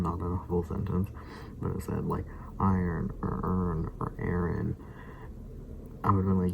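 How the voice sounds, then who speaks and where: A man's voice: sits low, flat delivery, measured pace, gravelly, long pauses, background noise. A man from Central Virginia chatting casually in a reaction vlog, rambling and hesitant with frequent laughs. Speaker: daily vlogger.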